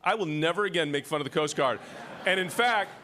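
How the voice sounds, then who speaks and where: A man's voice: a little high, animated, brisk, background noise. A middle-aged man speaking as emcee at an award ceremony, joking and teasing the audience from a podium microphone. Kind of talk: ceremony emcee speech with jokes. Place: large hall at an award ceremony.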